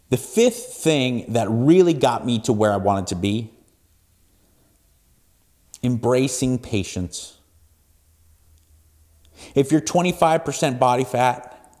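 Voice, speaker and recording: A man in his forties hosting a solo podcast, giving motivational talk in an emphatic, blunt way that swings between hushed asides and loud pushes. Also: medium pitch. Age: 40s. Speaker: podcast host.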